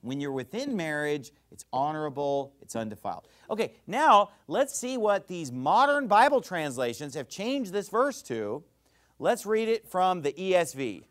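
Fiery, high-pitched preacher man. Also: big pitch swings, moderate pace. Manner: fiery, emphatic preaching with sharp swings in loudness. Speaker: pastor. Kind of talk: sermon.

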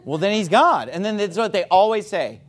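A man preaching a sermon, reading scripture emphatically and playfully mimicking his opponents in excited voices. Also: sits high, normal speed. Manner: reads scripture aloud in a rising, emphatic voice.

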